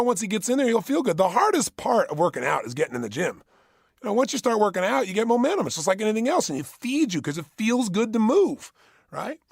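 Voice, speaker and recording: A man's voice: high-pitched, dry recording, clean studio sound. A man giving a motivational workshop talk, emphatic and punchy, hammering home key phrases by repeating them. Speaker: motivational speaker.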